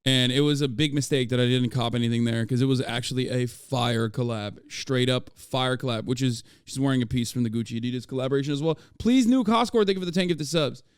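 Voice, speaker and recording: Excitable man on a dry close mic. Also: medium pitch, quick pace, hardly any pauses, clear, resonant tone, no room sound. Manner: excitable, rambling, swears freely. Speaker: streamer reacting to clips. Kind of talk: casual livestream reaction.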